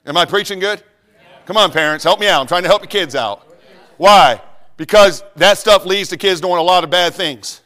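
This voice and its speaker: A middle-aged man preaching a sermon in church. He talks animated, mimicking voices and dropping into quiet asides. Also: high voice, a little fast. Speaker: pastor. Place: church sanctuary.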